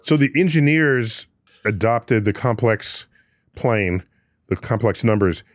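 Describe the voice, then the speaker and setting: A man's voice: fairly low pitch, animated, slow pace, dry recording, studio quality. A man hosting a casual chat, asking questions in a playful, teasing way. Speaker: show host.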